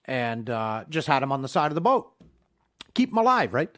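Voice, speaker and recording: A man's voice: mid-range voice, moderate pace. A man hosting a podcast, chatting casually and telling a fishing story full of swearing. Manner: profane, animated storyteller. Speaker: podcast host.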